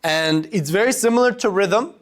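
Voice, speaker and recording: A young man with a fairly high voice leads a speaking workshop in front of a live group. He is animated, swinging between loud and soft and stretching out his pauses to make a point. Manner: animated, varies loudness and pace for demonstration. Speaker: workshop instructor. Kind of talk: public speaking lesson to a student group. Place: room with a live audience.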